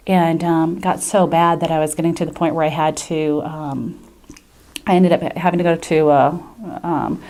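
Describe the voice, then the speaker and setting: A woman speaking as a patient in an unscripted testimonial, hesitant and earnest, pausing often with fillers and restarting her sentences. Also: low-pitched, steady tone, warm tone. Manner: earnest and grateful.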